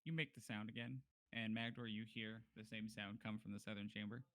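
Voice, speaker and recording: A man's voice: lowish voice, little pitch movement, a little fast, fairly bright tone, dry recording. A man narrating as game master of a tabletop game, laid-back and dry.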